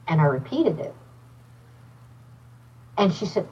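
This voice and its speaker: In an unhurried, slightly rough, medium-pitched voice with frequent pauses, a woman tells a personal story as a podcast guest. She's a psychic medium and an animated storyteller who acts out others' voices, heard through a distant mic with the highs cut off.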